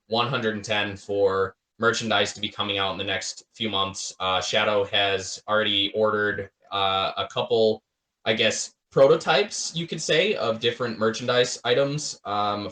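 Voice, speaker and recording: A man's voice: on the low side, sharp tone, reverberant, recorded from a distance, rough recording. A man talking casually as a podcast guest, rambling and enthusiastic, with casual swearing, on a voice call. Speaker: guest, project founder. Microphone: voice call, headset.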